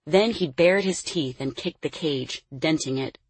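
A woman reading an audiobook in measured storytelling narration, quietly delivering each dialogue tag. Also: low voice, fairly even intonation, no echo. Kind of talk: scripted narration.

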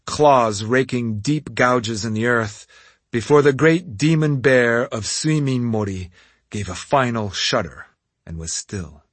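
A man reads a fantasy story aloud in first person, his husky voice rising and falling with lively expression. The delivery is dramatic, and the recording is close and dry with no room sound. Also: mid-range voice, takes it slowly, no room sound. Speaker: audiobook narrator. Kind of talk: scripted first-person audiobook narration.

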